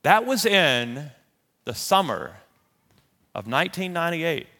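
A man preaching a sermon, telling a personal story in a lively, animated way and acting out the voices of the people in it. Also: on the high side, a little slow. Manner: animated, acts out quoted voices. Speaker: pastor. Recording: long reverb of a large hall.

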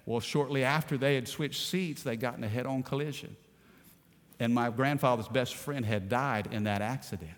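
A male pastor preaching a sermon, moving from quiet storytelling to emphatic, rising preaching. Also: medium pitch, moderate pace, in a large hall.

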